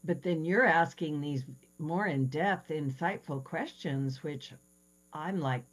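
Deep-voiced woman host, eager questions. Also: takes it slowly, rough recording. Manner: enthusiastic, long rambling questions. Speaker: podcast host. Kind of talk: interviewing a guest. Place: Seattle.

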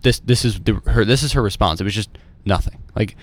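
A man co-hosting a podcast in casual chat, telling animated stories packed with "like" and acting out the people he quotes. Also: lowish voice, fairly quick, no room sound. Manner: animated storyteller who acts out quoted voices; filler-heavy, uses "like" constantly. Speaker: podcast co-host.

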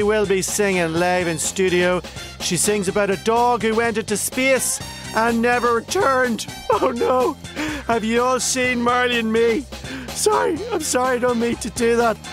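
A man's voice: very high-pitched, a bit bright, voice pushed up. A man impersonating an overemotional TV chat-show host who keeps choking up while announcing the lineup. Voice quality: tearful, breaking into giggles.

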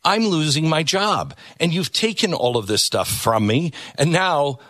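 A middle-aged man delivers pointed opinion commentary as a talk show host. His voice is bright and lively in pitch, recorded dry and close. He leans on repetition to drive each point home. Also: a little slow, no echo. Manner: emphatic, repeats words for stress.

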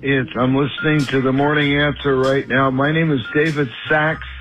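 A man's voice: mid-range voice, flat delivery, moderate pace, a bit bright, lo-fi sound. A man leaving an affectionate, emotional voicemail for a radio host. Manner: emotional, affectionate, fighting tears. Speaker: caller leaving a message.

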